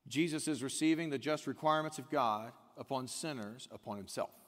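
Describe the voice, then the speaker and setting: A man preaching a sermon, asking the room questions and swinging between loud peaks and hushed lines. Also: medium pitch, a little fast. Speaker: pastor. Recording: long hall reverb.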